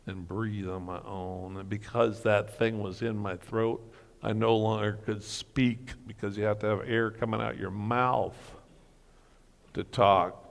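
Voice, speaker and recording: A middle-aged man giving an earnest personal testimony as a guest speaker, telling his story slowly. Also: on the low side, creaky, in a large hall. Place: church hall breakfast gathering.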